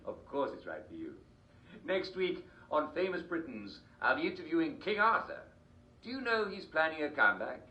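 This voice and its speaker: An actor playing a jovial TV show host, using a genial, theatrical announcer delivery. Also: male voice, fairly high pitch, big pitch swings, normal speed, sharp tone. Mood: salesy. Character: smooth, jovial British TV host man. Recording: roomy, distant, dull game broadcast.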